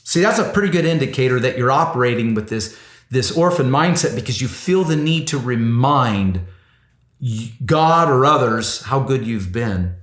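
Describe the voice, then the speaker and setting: Animated preacher man in an echoey room. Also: mid-range voice, moderate pace. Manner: animated, repeats words and asks "see?" often. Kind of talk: sermon.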